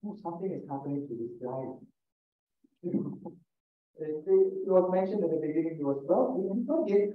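Animated preacher on a tinny call. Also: male voice, a little high, normal speed. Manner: animated storyteller, voices Jesus' words, laughs warmly. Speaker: priest giving a scripture reflection. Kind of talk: informal sermon. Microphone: video call. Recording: echoey, distant, phone-like online call.

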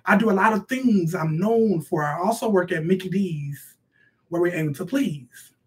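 A man playing a loud, bossy middle-aged mother who rants and scolds in slangy speech for a comedy sketch. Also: sits high, normal speed, distant mic, natural voice. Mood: sassy. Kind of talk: improvised comedy sketch, live-stream parody.

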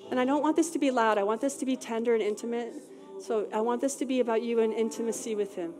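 A woman leading a congregation in soft, intimate prayer, speaking prophetic words. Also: medium pitch. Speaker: worship leader. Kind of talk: prayerful exhortation over music. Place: church or conference hall. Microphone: handheld mic. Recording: live with loud instrumental music behind.

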